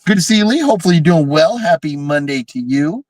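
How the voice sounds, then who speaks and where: A man chatting on a horror movie livestream, voice sitting a bit high and swinging wildly up and down. He swears freely and launches into shrieking impressions of characters. The sound is dry, with no room around it. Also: quick pace, no room sound, soft background music, rough recording. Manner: animated, swearing, mimics characters with big shrieks. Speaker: podcast co-host reviewing horror films. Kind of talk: casual livestream chat.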